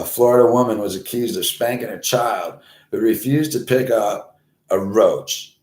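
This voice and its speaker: A host in his forties from Florida tells a rambling, crude story laced with constant swearing, raising his voice as he reenacts scenes. His pitch sits low, and the audio echoes around the room.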